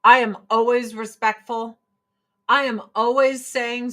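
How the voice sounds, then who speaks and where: A woman's voice: fairly high pitch, a little slow. A woman hosting a casual livestream, swearing freely and mimicking people in mocking voices as she rants and shows products. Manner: profane, animated, mocking voices in quotes. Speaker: livestream host selling products.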